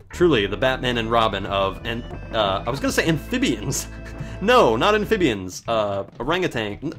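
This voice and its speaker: A man's voice: mid-range voice, a bit bright. A man giving casual, sarcastic commentary while he plays a video game, joking and swearing at it. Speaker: let's play host.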